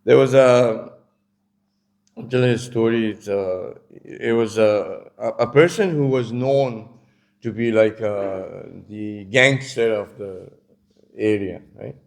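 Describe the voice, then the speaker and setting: Gravelly-voiced man giving a casual sermon. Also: on the low side, slow pace. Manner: casual, storytelling, many asides. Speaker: religious lecturer. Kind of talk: conversational sermon lecture. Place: community centre lecture.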